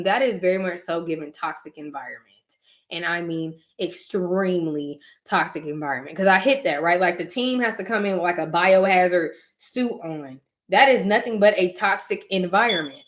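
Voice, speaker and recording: A woman hosting her channel, chatting casually with viewers about spiritual matters. She tells stories in an animated way and acts out her own reactions. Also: mid-range voice. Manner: uses casual slang, talks directly to listeners. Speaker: channel host talking to viewers.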